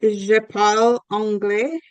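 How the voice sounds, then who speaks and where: A woman's voice: mid-range voice, level tone, slow, smooth, dry recording. A woman student hesitantly practicing a short self-introduction in a language class over a video call. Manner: hesitant, unsure of pronunciation.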